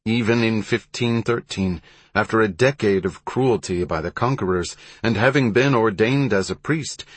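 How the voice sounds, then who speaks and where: A man reading a historical story aloud in measured, even scripted narration. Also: lowish voice, husky, dry recording.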